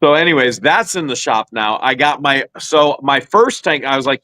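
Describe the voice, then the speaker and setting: Brief: male co-host, casual podcast chat, animated storyteller, very dry close sound. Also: medium pitch, moderate pace, hardly any pauses, no room sound, low-quality recording. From Ohio, USA. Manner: animated storytelling, acts out his own quotes.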